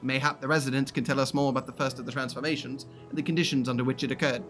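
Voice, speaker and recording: A man's voice: medium pitch, level tone, very fast, a bit bright, soft background music, natural voice. A man reading out the lines of a young, earnest noble scholar in a stiff, formal way. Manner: formal, slightly stiff read-aloud delivery.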